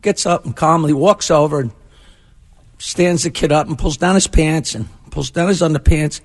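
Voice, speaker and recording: An older male comedian telling jokes on morning radio, energetic and teasing. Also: a little high, normal speed. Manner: energetic, teasing, animated storyteller. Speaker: comedian guest. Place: radio studio.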